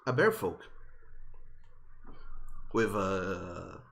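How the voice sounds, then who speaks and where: Slow-paced male game master. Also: sits low, sing-song, gravelly, a bit bright. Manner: unhurried, descriptive with frequent fillers. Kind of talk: narrating a tabletop game.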